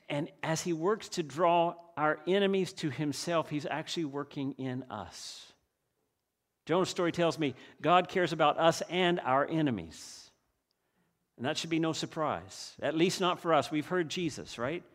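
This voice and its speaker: An earnest man preaching a sermon. His voice sits on the higher side for a man. He keeps turning to the listeners with rhetorical questions. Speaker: pastor.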